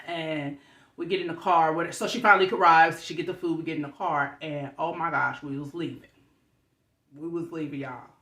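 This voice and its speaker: A young woman vlogger telling a story in a chatty, animated way, talking straight to her viewers. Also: low-pitched, normal speed, echoey room.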